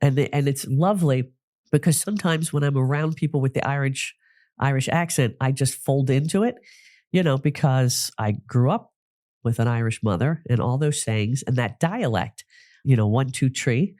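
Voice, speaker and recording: A man's voice: mid-range voice, normal speed, darkish tone, dry recording, clean studio sound. A man from New Jersey hosting a podcast, telling stories in a chatty solo talk with frequent restarts. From New Jersey, United States. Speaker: podcast host, psychic medium.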